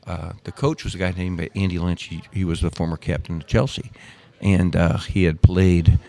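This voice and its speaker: Older man, low voice, from Missouri; chatty podcast guest spinning long anecdotes with restarts. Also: level tone, moderate pace, creaky, dark tone. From Missouri, USA. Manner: rambling, with many restarts and quoted dialogue. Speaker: guest, former pro soccer player. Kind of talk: casual storytelling interview.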